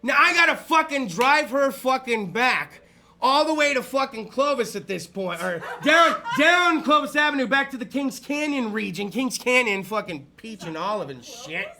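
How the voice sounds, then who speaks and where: A man telling a crude, rowdy comedic story, often shouting and laughing. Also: very high-pitched, animated, moderate pace. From Fresno area, California. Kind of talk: stand-up storytelling.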